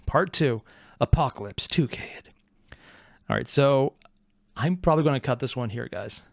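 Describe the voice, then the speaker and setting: A man hosting a reaction video, talking in a rambling, excitable way with joking asides. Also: medium pitch, moderate pace, gravelly, no room sound. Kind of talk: casual reaction commentary.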